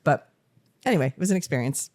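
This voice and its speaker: A woman's voice: low voice, expressive, fast talker, darkish tone, no echo, clean studio sound. A middle-aged woman co-hosting a casual family podcast, chatty and emotional, laughing often as a new grandmother.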